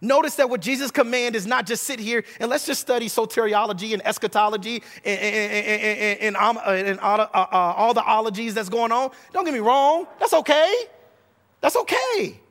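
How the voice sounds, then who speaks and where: Pastor guy preaching, high-ish voice, keeps repeating lines for emphasis, trips on words sometimes, big reverb. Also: fairly quick, hardly any pauses, fairly bright tone. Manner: repetitive, emphatic preaching with stumbling restarts. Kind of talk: sermon.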